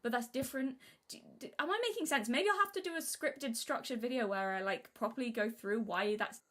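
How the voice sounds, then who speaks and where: A young woman from Britain talking casually on a live stream, rambling and restarting her sentences, sometimes acting out what she said as a child in a high voice. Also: brisk, a bit bright. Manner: rambling, self-interrupting, acts out childhood quotes in a high voice.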